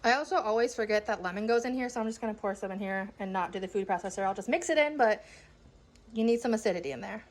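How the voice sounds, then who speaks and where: A woman's voice: medium pitch, fast talker, poor audio. A young woman chatting casually to camera in a home vlog, giggly and self-mocking as she cooks and gardens. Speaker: vlogger.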